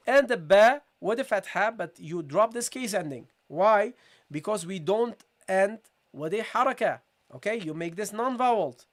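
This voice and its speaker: A man's voice: high-pitched, fairly bright tone. A man teaching Quran recitation in a live online lesson, speaking patiently and repeating points while checking in with viewers. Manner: repetitive, checking in with viewers, slow demonstration of sounds. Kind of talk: live-streamed tajweed lesson.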